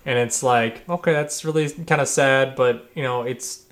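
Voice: medium pitch, normal speed, fairly bright tone. A speaker in casual chat, recapping a film in a laid-back, hedging way.

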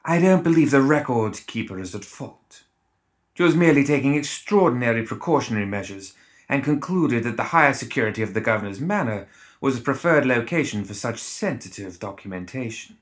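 A man voicing a cold, scheming male secretary who speaks quietly with controlled menace. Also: mid-range voice, expressive, fairly quick, pitched above the performer's own voice, close to an everyday voice.

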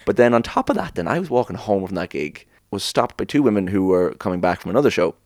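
A man's voice: deep voice, sing-song, fast talker, a little mellow, no room sound, studio quality. An Irish man telling rambling, sweary anecdotes in casual chat as a podcast co-host. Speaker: podcast co-host, former band member.

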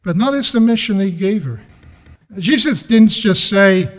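High-voiced man preaching in a reverberant hall. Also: lively intonation, normal speed. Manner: impassioned, repetitive rhetorical questions. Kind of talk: sermon. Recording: long reverb of a large hall.

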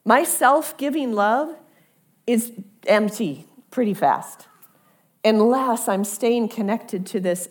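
A woman preaching a sermon at an unhurried pace, her voice sitting somewhat high. She talks to the congregation in a conversational way and repeats words as she works toward each point.

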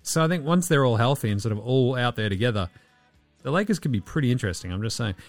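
A man's voice: medium pitch, lively intonation, quick pace, no room sound, soft background music. A man hosting a podcast in casual sports chat, blunt, joking and swearing freely. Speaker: podcast host.

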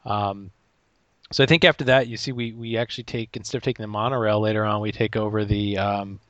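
A man's voice: fairly low pitch, fairly even intonation, brisk, fairly bright tone, no room sound, dull audio. Dry-sounding man hosting a casual chat. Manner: rambling, with many restarts and laughs. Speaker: podcast host.

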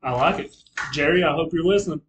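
A man's voice: fairly high pitch, quick pace, slight background noise, rough recording. A male podcast co-host chatting casually in an upbeat, teasing way. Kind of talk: casual chat, reading a listener letter aloud.

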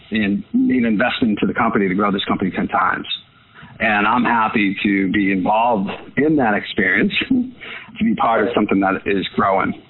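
A man with a somewhat low, husky voice talks eagerly about his business, piling up fillers and repeating his points. The sound is thin and tinny, like a phone line. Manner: enthusiastic, repetitive, many fillers. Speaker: guest, photo business owner. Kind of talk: casual interview talk.

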